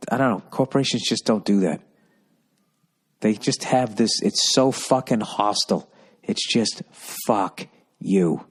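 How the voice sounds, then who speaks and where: Low-voiced, swearing, ranting man. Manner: profane, ranting, storytelling. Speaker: podcast host. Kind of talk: rambling solo podcast monologue.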